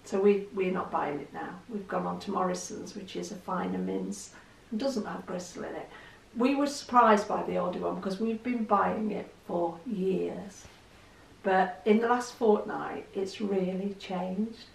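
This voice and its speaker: A woman's voice: medium pitch, unhurried, vocal fry, roomy sound, recorded from a distance, rough recording. A middle-aged woman vlogging in a candid, self-deprecating casual chat to the camera.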